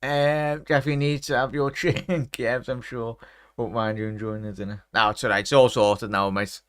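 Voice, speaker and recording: A man's voice: mid-range voice, little pitch movement, moderate pace, fairly bright tone, dry recording, studio quality. A young man in his twenties from England, hosting a live football watchalong stream, chatting with viewers, reading out their messages and commenting on the match. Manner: chatty, reads out viewer messages, calls everyone mate.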